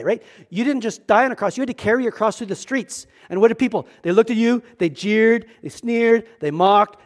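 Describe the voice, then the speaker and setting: A male pastor preaching a sermon in a church, earnest and emphatic, often repeating words as he starts a thought. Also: high-pitched.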